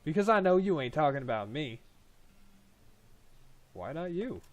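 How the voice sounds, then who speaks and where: A man's voice: on the high side, sing-song, normal speed. Cast note: blunt, sarcastic old frontier doctor woman, read by a man in his own voice. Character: gruff older woman doctor, bitter and skeptical.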